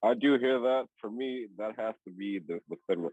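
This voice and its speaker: A man in his twenties co-hosting a podcast, chatting casually in relaxed slang. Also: on the low side, moderate pace, no echo, dull audio. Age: 20s. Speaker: podcast co-host. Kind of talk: casual chat.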